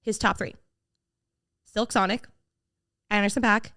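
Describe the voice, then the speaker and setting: A young woman co-hosting a podcast, telling a story in casual chat, animated and full of "like" fillers, acting out what others said. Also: mid-range voice, measured pace. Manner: animated, quotes people in shifting voices, many "like" fillers. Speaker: podcast co-host.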